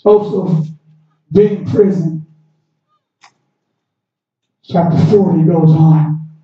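Male preacher, high-voiced, slow and shouting, recorded from afar in a booming room. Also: steady tone. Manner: rising to shouts, acting out biblical characters. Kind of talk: sermon. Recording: roomy echo, distant mic, dull sound.

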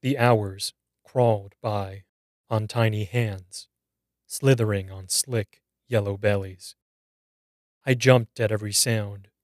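Slow, low-voiced male horror narrator. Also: darkish tone, no echo, clean studio sound. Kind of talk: scripted horror story narration.

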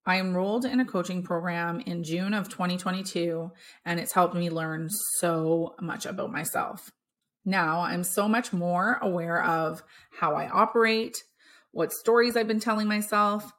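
A woman hosting a podcast, telling a personal story in a lively, animated way. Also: unhurried. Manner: animated storytelling, acts out quotes with big pitch jumps. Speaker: podcast host.

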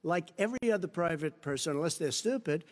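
A man's voice: on the high side, lively intonation, fast. A man in a heated televised debate, combative and constantly talking over his opponent. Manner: combative, talks over others. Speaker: debate candidate. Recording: long hall reverb, debate stage.

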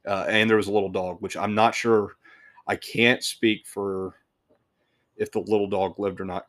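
A man with a fairly low-pitched voice hosts a podcast. He tells a work story in a casual, rambling way, swearing, restarting and chuckling.

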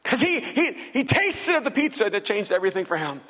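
A man preaching a sermon as pastor, telling stories with animation and turning soft and earnest for his appeals. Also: brisk. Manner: animated storytelling, acts out quoted people in a higher voice. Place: large church hall. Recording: long hall reverb.

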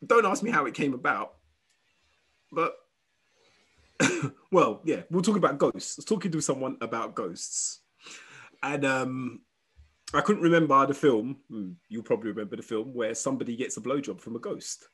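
A man's voice: mid-range voice, moderate pace, pauses often, slightly rough. A man co-hosting a casual chat, swearing freely and laughing as he riffs on jokes. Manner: swears a lot, laughs often, slips into shouted impressions. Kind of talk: crude comedic banter.

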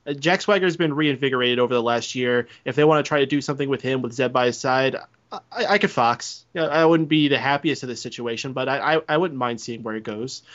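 A man laying out his wrestling opinions in a steady, reasoned way. His voice is mid-pitched and plain. The sound is muffled and lo-fi. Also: fast. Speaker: podcast co-host. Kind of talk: casual wrestling analysis chat. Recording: dull lo-fi call audio.

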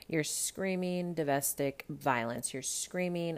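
A woman hosting a podcast in casual chat, animated and profane, talking straight to her listeners about reality TV. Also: low voice, unhurried, clear, resonant tone. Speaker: podcast host.

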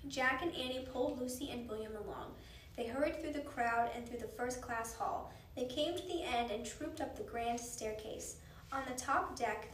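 A woman reading a children's book aloud in an expressive, animated way. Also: high voice. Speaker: storyteller. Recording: roomy, distant mic, faint noise.

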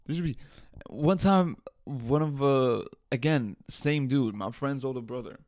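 A man's voice: medium pitch, unhurried, no echo. Male podcaster, casual profane storyteller, dry close sound. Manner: profane, animated storytelling with laughs. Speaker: podcast host.

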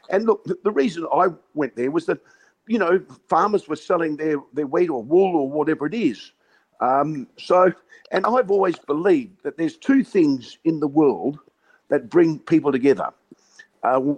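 A man's voice: a little high, darkish tone, rough recording. An Australian man in his sixties from Western Australia, a former cricket captain swapping stories as a guest. He tells yarns with plenty of laughs and calls everyone mate. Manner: yarning storyteller, laughs often, says "mate". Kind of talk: casual chat.

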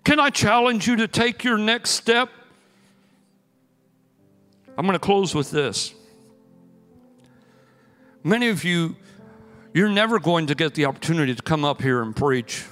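A pastor preaching a sermon in a church, telling stories with energetic, emphatic bursts. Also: male voice, sits high, unhurried, long pauses. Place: church sanctuary. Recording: long hall reverb with faint music.

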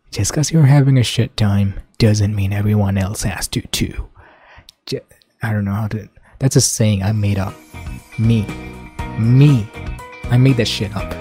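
A young man hosting a casual solo podcast, rambling and swearing, dropping to mumbles and then bursting out loud. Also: on the low side. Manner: rambling, profane, swings between mumbling and loud outbursts. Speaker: podcast host.

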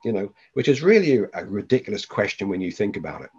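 A man's voice: on the low side, sing-song, quick pace, a little mellow, breathy edge, highs cut off. A man, a podcast guest, tells a personal story with animation and acts out the voices of the people in it.

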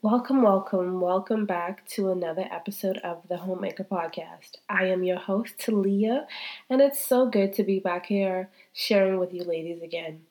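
Soft music plays behind a woman in her thirties who hosts a faith-based podcast at a normal speed. Her mid-range voice is slightly mellow, and though still congested from a cold, she speaks candidly and from the heart, addressing listeners directly and repeating herself.

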